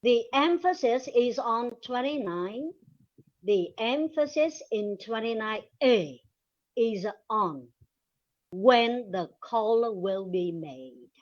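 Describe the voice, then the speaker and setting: Slow, deliberate woman presenting a lecture. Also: on the high side. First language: Vietnamese. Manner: slow, deliberate reading with pauses. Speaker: webinar presenter. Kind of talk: reading a linguistics presentation. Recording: dull lo-fi recording.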